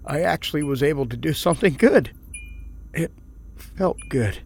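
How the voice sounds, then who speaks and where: An actor playing a troubled male prisoner who swings between angry outbursts and regretful narration, with a slightly husky voice. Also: a little high, lively intonation, moderate pace, darkish tone, heavily acted. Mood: reflective. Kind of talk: audio drama with first-person narration.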